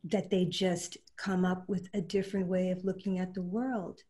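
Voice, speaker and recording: A woman quilt artist talking in a panel discussion over a video call, earnest and halting, getting emotional as she speaks. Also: on the low side, level tone, warm tone.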